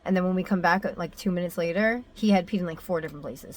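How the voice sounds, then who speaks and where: A woman's voice: lowish voice, brisk, few pauses, a little mellow. A young adult woman telling a personal story in a candid, emotional vlog, full of fillers and restarts. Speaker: mother sharing a personal story.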